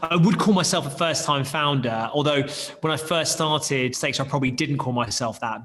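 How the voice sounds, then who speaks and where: A man founder telling stories in an animated way, with quick restarts and bursts of acted quotes. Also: on the high side, big-room sound, a little hiss or hum. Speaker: startup founder, guest. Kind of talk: animated storytelling in an interview. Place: London.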